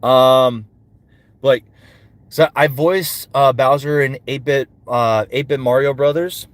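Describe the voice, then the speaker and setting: A male voice actor takes it slowly, speaking at medium pitch in a steady tone with no echo. He's chatting casually with fans on a livestream, answering questions and doing character voices in between.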